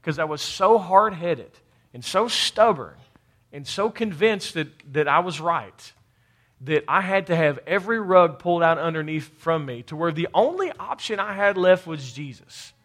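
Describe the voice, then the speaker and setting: A man preaching a sermon in a high voice. He calls on the congregation for amens and repeats words as he works toward a point. Now and then his delivery rises to emphatic bursts. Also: lively intonation, normal speed, fairly bright tone. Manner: call-and-response preaching, rising to emphatic bursts. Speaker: pastor.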